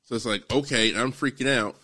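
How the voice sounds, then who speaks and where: A man in his thirties, co-host and producer of a podcast, telling animated, profane stories in casual chat among friends. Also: mid-range voice, fairly quick.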